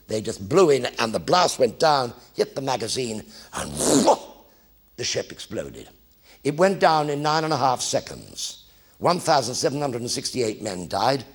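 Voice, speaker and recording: A man's voice: mid-range voice, vocal fry, slightly rough. An older man telling wry wartime anecdotes on a theatre stage in a one-man show. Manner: lively, wry, acts out voices.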